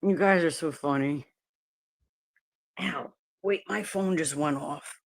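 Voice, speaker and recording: With a deep voice and an unhurried delivery, this livestream host chats casually with her audience and her dogs. She swears a lot and keeps dissolving into laughter.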